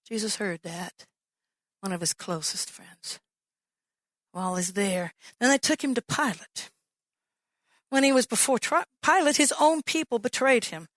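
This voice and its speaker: A woman pastor preaching a sermon, telling the story with lively acted-out quotes. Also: fairly high pitch, a little slow, long pauses, no echo. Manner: animated storytelling, acts out quoted voices.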